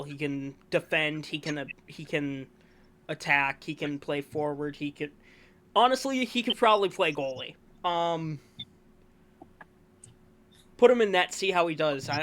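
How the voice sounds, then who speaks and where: The speaker is a man with a slightly high, a bit bright voice. Co-hosting a casual sports review, he announces award finalists between hiccups, rambling and self-correcting as he enthuses over the players.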